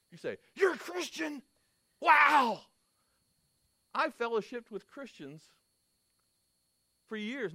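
A man's voice: high-pitched, dry recording. A man preaching a sermon, telling stories and asking his listeners questions with emphasis. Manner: emphatic, storytelling, asks the audience questions.

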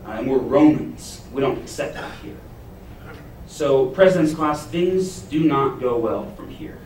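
A man preaching a sermon, retelling a Bible story and acting out its characters' panic with lively emphasis. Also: mid-range voice, a little slow, slight background noise. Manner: expressive, acts out the jailer's panic in a paraphrase. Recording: echoey room, heard from a distance.

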